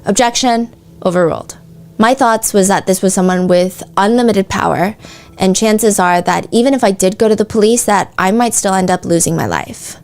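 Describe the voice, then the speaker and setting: A woman's voice: medium pitch, moderate pace, darkish tone. A woman hosting a true-crime podcast, reading out courtroom testimony in a casual, chatty way with frequent "like" asides. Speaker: podcast host.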